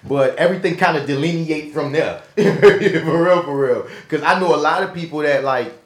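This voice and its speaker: A man with a New Orleans accent, chatting casually on a podcast and telling a lively story with slang and swearing. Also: a little high, normal speed, echoey room. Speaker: podcast co-host. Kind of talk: casual chat.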